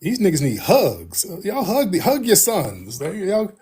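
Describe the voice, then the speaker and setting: A man's voice: sits high, wildly swooping pitch, a little slow, darkish tone, breathy edge. A man hosting a livestream in casual chat, telling stories in a slangy, laid-back way. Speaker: livestream host.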